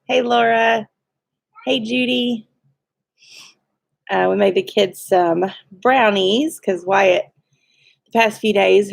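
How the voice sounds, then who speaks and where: A woman's voice: mid-range voice, gravelly, no room sound, studio quality. A woman, co-hosting a homestead livestream and cheerfully greeting viewers by name with frequent laughs. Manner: cheerful, laughs often, reads viewer names.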